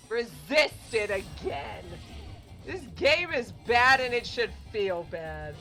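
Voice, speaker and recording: A woman's voice: fairly high pitch, very animated, slow pace, bright, forceful tone. A woman giving casual let's-play commentary, exclaiming and laughing at the game as she plays. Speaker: gamer playing on a channel. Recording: faint game music behind.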